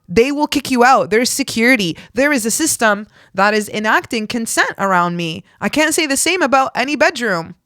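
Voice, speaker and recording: A woman's voice: fairly high pitch, fairly bright tone, no room sound. Woman podcaster telling a story solo, blunt and sweary, acts out what people said, dead dry sound. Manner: frank and profane, acts out quoted dialogue. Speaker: podcast host.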